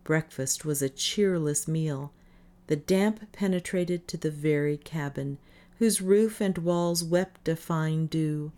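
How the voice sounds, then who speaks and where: A woman reading a first-person novel aloud in measured audiobook narration. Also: low-pitched, dark tone. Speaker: audiobook reader. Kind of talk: scripted narration.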